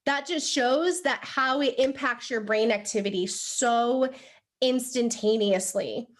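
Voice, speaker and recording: A young woman with a slightly high voice gives a lively motivational training talk to a group in a room. She is chatty and animated, peppering her speech with "like" and asking "right?" to keep the room with her. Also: unhurried. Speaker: sales team trainer. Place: room with a live audience.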